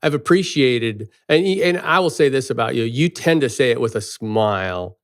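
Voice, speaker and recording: A man's voice: mid-range voice, lively intonation, moderate pace, dry recording, studio quality. A man co-hosting a podcast, speaking earnestly and hesitantly with frequent restarts in casual conversation. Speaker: podcast co-host.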